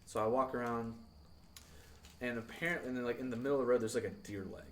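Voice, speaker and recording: A man's voice: medium pitch, steady tone, fast talker. A young man telling a story on a podcast in casual chat, rambling with lots of filler words and laughing through it. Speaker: podcast co-host. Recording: distant mic with loud crowd noise.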